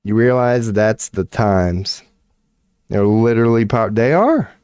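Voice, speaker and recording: A man's voice: lowish voice, lively intonation, slow, darkish tone, clean tone, no echo, studio quality. A man streaming, giving casual ranting commentary, profane and incredulous, laughing often.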